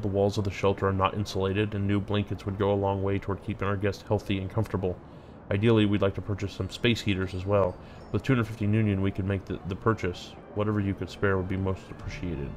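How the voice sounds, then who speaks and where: A man's voice: sits low, flat delivery, quick pace, darkish tone, a little hiss or hum, lightly acted. A man voicing a polite, earnest man who runs a shelter in a game. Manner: polite, grateful. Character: earnest male shelter keeper.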